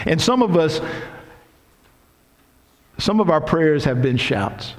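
A middle-aged man preaching a sermon in a church, voicing quoted prayers with strong emphasis. His voice sits a little high for a man, and a long reverb trails after each phrase. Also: expressive, slow. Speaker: pastor.

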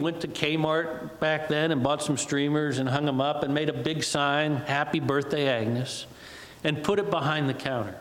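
A male preacher tells a story in a sermon, drawing out the dramatic moments. His voice sits a little high. A long reverb from a large hall hangs on every word.

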